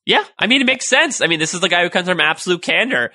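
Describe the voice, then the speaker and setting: A man co-hosting a casual fan discussion podcast, chatty and quick with jokes. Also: high-pitched, expressive, bright, forceful tone, no echo. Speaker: podcast co-host.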